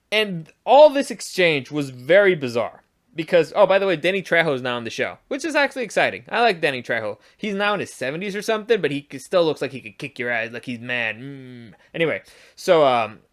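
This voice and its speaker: A man's voice: a little high, sing-song, fairly quick. A man giving a casual, profane review of a show, rambling and restarting as he rants in exasperation. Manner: exasperated, ranting.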